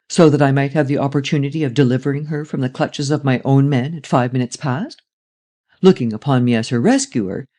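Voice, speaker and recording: A man voicing a suave gentleman thief who talks calmly and wryly. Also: mid-range voice, lightly acted. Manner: calm, wry, deliberate. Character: suave, cynical gentleman thief, calm and scheming.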